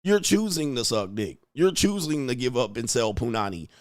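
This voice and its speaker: The voice is a man of middle pitch, ranting bluntly and swearing freely as a livestream host. The sound is close and dry, with no room around it. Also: sing-song, moderate pace, no echo. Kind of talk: profane ranting commentary.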